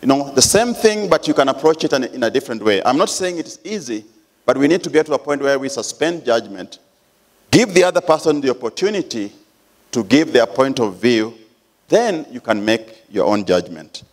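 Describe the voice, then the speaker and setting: A Kenyan man gives a church sermon as an elder. He preaches in an emphatic, storytelling way, and his pitch rises and falls widely. His voice sits in a mid range for a man. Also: expressive, brisk.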